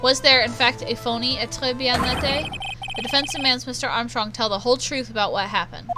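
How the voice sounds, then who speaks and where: A woman voicing a young male defense lawyer, asking formal, pressing questions over loud game music. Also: a little high, a little fast, lightly acted.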